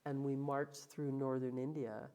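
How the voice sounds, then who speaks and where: A middle-aged woman sits for an interview and tells her life story in a low voice. Her tone is mellow and warm, and she slips into acted quotes as the memories carry her along. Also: little pitch movement, measured pace. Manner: emotional, vivid retelling with acted quotes. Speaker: guest.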